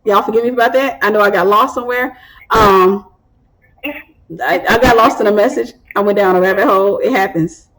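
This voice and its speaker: A woman's voice: mid-range voice, moderate pace, poor audio. A woman in her thirties, hosting and giving preaching-style advice, telling stories and acting out the voices she quotes. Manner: animated storytelling, acts out quoted voices. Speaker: host and ministry speaker.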